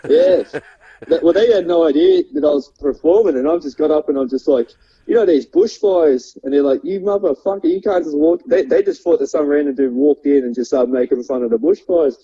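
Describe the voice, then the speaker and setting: A man's voice: a little high, brisk, warm tone, husky. A young Australian man, a stand-up comedian, telling rambling stories with lots of fillers and frequent laughter. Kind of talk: casual storytelling chat. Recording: dull lo-fi sound.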